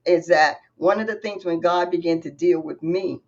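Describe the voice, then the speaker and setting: A woman's voice: on the low side, normal speed. Preacherly woman host, muffled audio. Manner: preacherly, quotes scripture. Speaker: interview host. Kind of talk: interview, faith talk. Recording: dull, slightly muffled audio.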